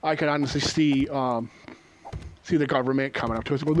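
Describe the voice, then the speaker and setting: A man's voice: medium pitch, fairly even intonation, fairly quick. A man casually spinning a rambling, profane story with many ums and uhs while he plays a game. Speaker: gamer.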